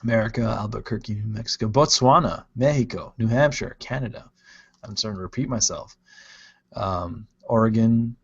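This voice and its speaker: A man's voice: on the low side, moderate pace, fairly bright tone, husky. Casual man reading live chat. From Ohio. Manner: rambling, playful, reads out viewer comments. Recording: dull lo-fi stream audio.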